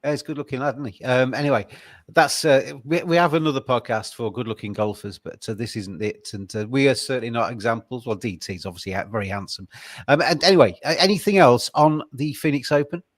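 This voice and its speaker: A man hosts a relaxed golf betting podcast, his voice sitting at an everyday middle pitch. He banters and teases, and his talk is strewn with "um" and "uh". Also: quick pace, dry recording. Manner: jokey, filler-heavy, "um" and "uh". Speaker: podcast host. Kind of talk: casual podcast chat.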